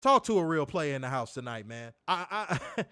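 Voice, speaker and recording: Man, wrestling reviewer, slangy and profane, fairly high voice, dry close sound. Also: normal speed, clear, resonant tone, no room sound. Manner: animated, profane, slangy, reads chat aloud. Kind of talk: casual livestream review.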